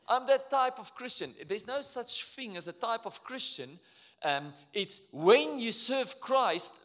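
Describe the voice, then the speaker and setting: Afrikaans-accented male pastor, high and lively voice, animated storytelling sermon, live in an echoing church hall. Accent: Afrikaans South African. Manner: animated, storytelling, drops to quiet asides. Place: church auditorium.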